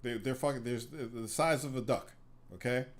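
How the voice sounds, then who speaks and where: A man's voice: mid-range voice, moderate pace. A man hosting a podcast, telling long rambling stories in casual, profane chat. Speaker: podcast host.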